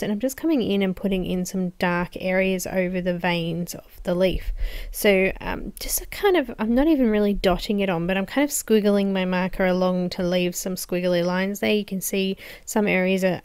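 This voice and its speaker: Hoarse woman, calm tutorial voice-over, smooth and dry close-up sound. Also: on the low side, no room sound. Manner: calm, explanatory, with frequent um and so. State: slightly hoarse, losing her voice. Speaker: art tutorial host.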